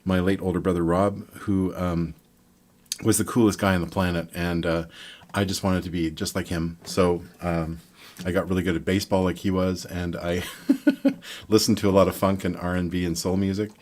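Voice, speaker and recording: An older man from Montreal talks through a guitar lesson in a loose, rambling way. His voice sits very low, and he counts beats and hums rhythms as he explains. It sounds like a casual live stream. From Montreal, Quebec, Canada. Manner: rambling and relaxed, counting and scatting rhythms aloud. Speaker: guitar teacher.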